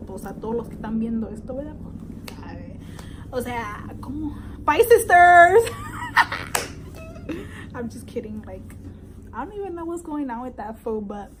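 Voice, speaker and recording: A woman's voice: fairly high pitch, animated, brisk, mellow, a little hiss or hum, poor audio. A young woman tells a pregnancy story in a casual vlog, switching languages, chatty and swearing freely. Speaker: vlogger.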